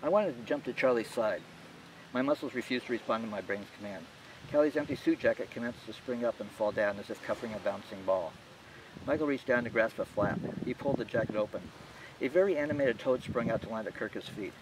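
A male author narrates his own novel in a steady, measured reading. His voice sits in a middle range. The mic is a bit distant with faint noise underneath. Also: mid-range voice. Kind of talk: audiobook narration.

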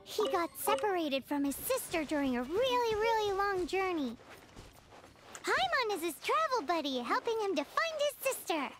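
A woman's voice: very high-pitched, very animated, normal speed. A woman voicing a tiny, chirpy floating fairy companion who talks about herself in the third person, in game voice acting. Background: game music.

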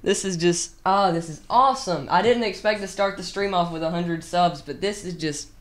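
A woman chatting casually with viewers on a drumming livestream, excitable, with sudden loud shouts and rambling restarts. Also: fairly low pitch, moderate pace.

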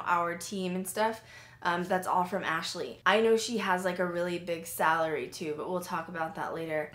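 A woman's voice: medium pitch, reverberant. A young woman in her twenties, hosting a paranormal podcast, chatting casually and telling stories with lots of fillers. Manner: chatty, animated storytelling with many fillers. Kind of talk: casual chat reviewing a show.

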